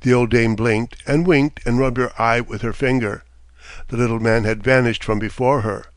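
A man's voice: mid-range voice, no room sound. Man reading a fairy tale, dry sound. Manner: measured, steady storytelling. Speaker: narrator. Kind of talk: storybook reading.

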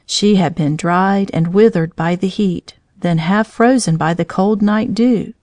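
A woman reading a children's story aloud, in a gentle, clear storytelling manner. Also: medium pitch, measured pace, dry recording, studio quality.

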